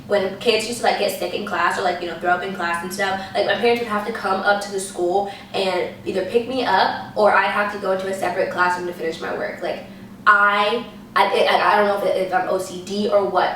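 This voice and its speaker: Animated young woman telling a story. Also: slight background noise. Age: young adult. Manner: animated, acts out quotes in high voices. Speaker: storytime vlogger. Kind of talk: casual storytelling. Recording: echoey room, voice a bit far from the mic.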